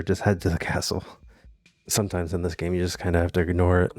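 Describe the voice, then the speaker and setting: Deep-voiced man reading a text adventure. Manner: wry, deadpan asides with laughs. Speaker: gamer playing a text adventure. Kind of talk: reading game text aloud with commentary.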